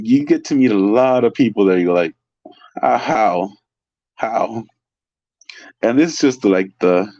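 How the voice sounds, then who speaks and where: A man's voice: low voice, dry recording, lo-fi sound. A man from the San Francisco Bay Area, a waiter and interview guest, telling casual stories in a loose, chatty way full of fillers and restarts, often laughing. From California, San Francisco Bay Area. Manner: excitable, laughs through stories. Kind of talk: casual storytelling.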